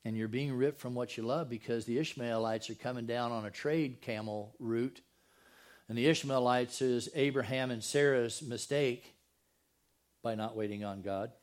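A man's voice: medium pitch, moderate pace. An older man, preaching a sermon in a conversational way and often asking his listeners rhetorical questions. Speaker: pastor.

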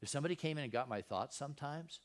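This Christian preacher talks rapid-fire in a voice on the high side, full of expression. His Bible lesson is informal and folksy, laced with rhetorical questions, with phrases often repeated or begun again.

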